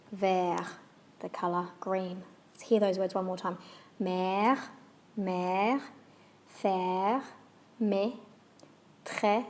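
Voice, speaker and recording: A woman whose first language is English teaches French pronunciation in a clear, steady way. She says each example word carefully and repeats it, walking listeners through each sound step by step. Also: mid-range voice, slight background noise. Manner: patient, clear demonstrations with repeated example words. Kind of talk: instructional lesson.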